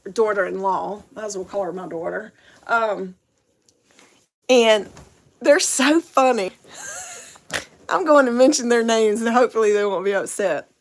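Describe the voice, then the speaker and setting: A woman's voice: fairly high pitch, vocal fry. A middle-aged woman, rambling chattily in a casual livestream and laughing often. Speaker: vlogger.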